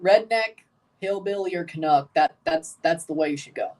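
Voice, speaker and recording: A man's voice: high voice, moderate pace, a little mellow, far from the mic. A man with a Southern American accent hosting a livestream soccer watchalong, chatting casually in a rambling, folksy, emphatic way. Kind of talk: casual live match reaction.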